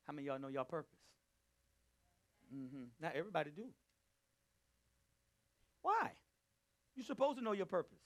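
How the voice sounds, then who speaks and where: A man teaching a Bible study, preaching emphatically and calling out to his listeners, swinging between loud and hushed delivery. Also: a little high, sing-song, moderate pace, pauses often. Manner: emphatic, calls out to the group. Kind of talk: preaching to a live group.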